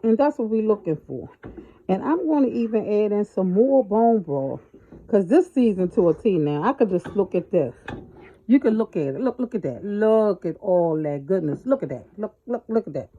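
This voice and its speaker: A woman's voice: mid-range voice, expressive, normal speed, mellow. A woman hosting a casual home cooking tutorial in her kitchen, chatty and folksy, calling her viewers y'all and baby, recorded on the camera mic as she moves around. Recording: dull lo-fi home video sound with faint noise.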